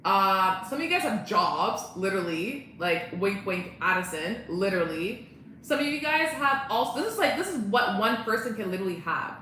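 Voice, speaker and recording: A woman's voice: medium pitch, sing-song, moderate pace, bright, forceful tone, slight background noise. A young woman chatting casually on a live stream, bubbly and laughing often as she greets viewers. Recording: very echoey room.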